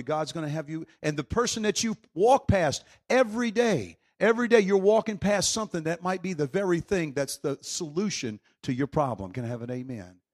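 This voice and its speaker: A man preaching a sermon with fervent energy, swinging from shouts to quiet storytelling. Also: on the high side.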